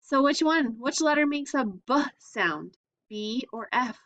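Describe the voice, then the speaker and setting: A woman's voice: high voice, expressive, measured pace, a bit bright, dull audio. A woman teaching a phonics lesson to young children, patiently sounding out letters and asking simple questions.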